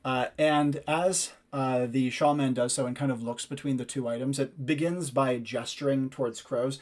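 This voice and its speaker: A man's voice: mid-range voice, steady tone, normal speed, a little mellow. A man narrating as game master of a tabletop role-playing game, describing scenes loosely with many fillers.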